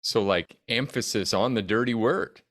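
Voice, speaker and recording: Male co-host, deep low voice, jokey and easygoing; chimes in with opinions. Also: normal speed, fairly bright tone. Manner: jokey, laughs easily, adds his own take. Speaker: podcast co-host. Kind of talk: casual podcast chat.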